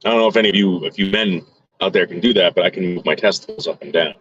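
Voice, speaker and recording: A man's voice: deep voice, fast, a bit bright, husky, highs cut off. A man vlogging to his viewers in a crude, rambling casual monologue full of fillers and restarts.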